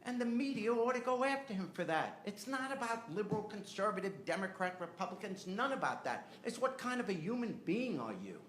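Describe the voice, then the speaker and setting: A man's voice: sits high, lively intonation, a little fast, few pauses, fairly bright tone, a little hiss or hum. An older man, a podcast host, telling a personal family story and growing impassioned as he argues his point. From United States. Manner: earnest, rising to impassioned.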